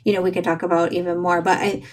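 A woman's voice: fairly low pitch, flat delivery, fast talker. A middle-aged woman hosting a casual podcast interview, chatty and agreeable with frequent asides. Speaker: podcast host.

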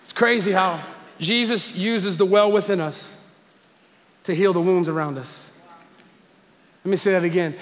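High-voiced preaching man in echoing church. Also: a little slow, pauses often, some chatter behind. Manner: preaching with rising intensity, calls to the congregation. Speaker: pastor. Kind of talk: sermon. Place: large church hall. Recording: live church sermon in a reverberant hall with music.

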